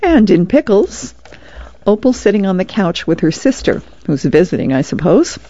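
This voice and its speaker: A woman's voice: medium pitch, big pitch swings, normal speed, mellow, dry recording. A woman volunteer reader chatting her way through newspaper comic strips on the radio. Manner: chatty, with small laughs. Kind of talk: reading comics aloud on radio. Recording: dull lo-fi radio sound.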